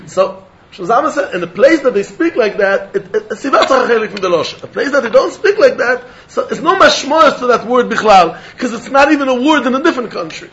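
A man's voice: very high-pitched, big pitch swings, fairly quick, fairly bright tone, dull audio, a little hiss or hum. A man teaching a Talmud lecture, repeating phrases and mixing in Hebrew and terms.

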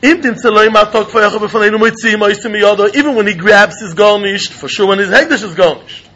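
A man teaching a Talmud lesson in an animated, sing-song way, often laughing. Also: high-pitched, fast. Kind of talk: Talmud study lecture. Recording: dull lo-fi recording.

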